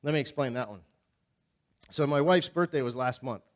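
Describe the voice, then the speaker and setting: A man preaching a sermon as pastor, talking in a conversational, animated way, telling funny stories and asking the congregation questions. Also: mid-range voice, normal speed. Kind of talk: sermon with humorous storytelling. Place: church sanctuary.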